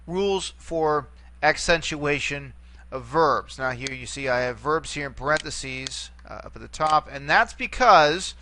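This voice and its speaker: A man's voice: fairly high pitch, expressive, a little slow, pushed and bright, slight background noise. A man giving a recorded language lesson, explaining rules step by step and often checking in with "okay?". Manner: repeats words and checks in with "okay?". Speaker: Greek teacher. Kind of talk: recorded lecture.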